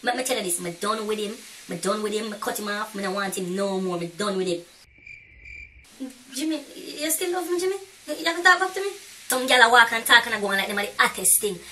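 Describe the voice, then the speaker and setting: A woman's voice: medium pitch, lively intonation, quick pace, a little hiss or hum. A woman playing a sassy young Jamaican gossip. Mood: gossipy. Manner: loud, sassy, gossipy patois chatter. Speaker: comedy sketch character. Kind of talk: comedy sketch. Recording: voice from a distance off the mic.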